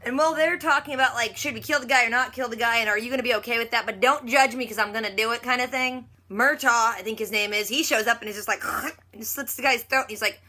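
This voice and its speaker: Woman vlogger, fairly high and bright, chatty recap that slips into quick character voices. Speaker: reaction vlogger. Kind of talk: casual TV episode recap.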